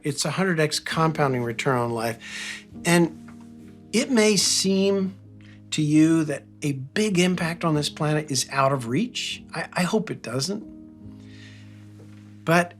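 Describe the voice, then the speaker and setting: A man from Philadelphia speaks in a slightly higher than usual register, delivering a motivational talk. He tells a personal story earnestly and leans hard on his key phrases. Soft music plays quietly behind him. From Philadelphia, United States.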